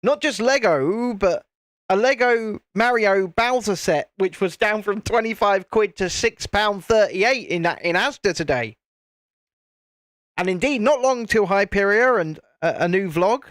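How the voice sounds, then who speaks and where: British man, high voice, live-stream host, chatty, jokey, dry close sound. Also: a little slow, a bit bright, dry recording. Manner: chatty and jokey, laughs often, restarts sentences. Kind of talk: casual chat while building, answering viewer comments.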